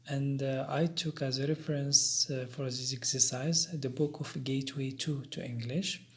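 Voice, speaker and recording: Male teacher, mid-pitched, unhurried recorded lesson, methodical, spells words letter by letter. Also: fairly bright tone. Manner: slow, deliberate explaining with spelled-out letters; careful pauses and fillers. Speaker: English teacher.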